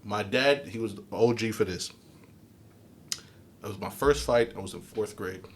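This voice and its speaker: A young man co-hosting a podcast tells stories in a lowish voice at a moderate pace, with slight background noise. He's an animated storyteller who acts out the voices of the people involved and swears freely in casual chat.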